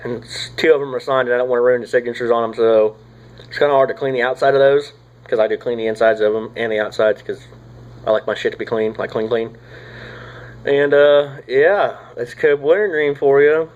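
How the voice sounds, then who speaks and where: A young man, rambling casually through a product review, swearing often and filling pauses with "uh" and "like.". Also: medium pitch, a little mellow, lo-fi sound. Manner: rambling, profane, drawling with frequent fillers. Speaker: tobacco reviewer.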